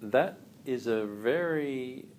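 A man teaching a yoga class, calm and asking the group questions. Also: medium pitch, slow pace, slight background noise.

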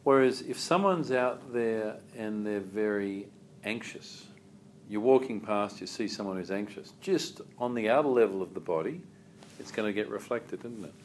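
A man teaching a yoga class, calm and asking the group questions. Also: on the low side, normal speed, slight background noise.

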